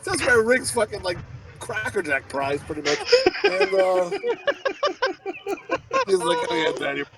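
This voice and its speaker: A middle-aged man co-hosting a podcast, rambling and swearing as he tells stories, with loud acted-out quotes. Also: very high voice, wildly swooping pitch, a little slow, gravelly, long pauses. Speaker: podcast co-host. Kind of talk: casual comedic chat.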